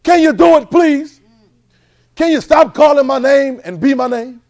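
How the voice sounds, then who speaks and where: A man's voice: very high-pitched, measured pace, darkish tone, voice pushed up. A man voicing Jesus as an exasperated adult man, pleading with insistent raised questions.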